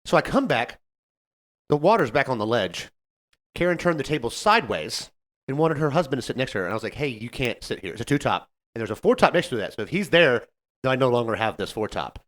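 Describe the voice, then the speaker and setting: A man co-hosting a podcast, telling a story about a difficult customer in a casual, animated way and acting out what people said. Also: medium pitch, quick pace. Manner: animated, acts out customer quotes. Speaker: podcast co-host, server.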